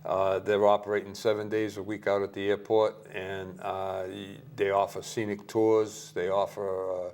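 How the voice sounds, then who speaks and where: Low, flat-voiced hesitant man. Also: normal speed, few pauses, clean tone. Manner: hesitant, many "uh" fillers, cautious. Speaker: airport manager, guest. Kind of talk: interview answers.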